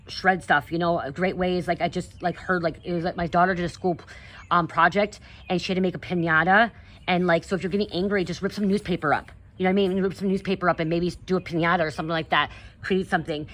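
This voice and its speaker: A woman with a slightly low voice talks straight to her viewers in a loose, rambling stream of spiritual advice. She keeps asking "okay?" and filling gaps with "you know", coaching rather than lecturing. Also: fairly bright tone. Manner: earnest, coaching tone addressing viewers. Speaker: spiritual content creator. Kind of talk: casual spiritual advice monologue.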